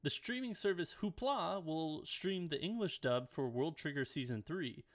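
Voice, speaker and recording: A man's voice: on the high side, expressive, moderate pace. A man co-hosting a casual podcast, reading anime news headlines from home and dropping blunt, swearing asides between items. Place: home, dog at his chair.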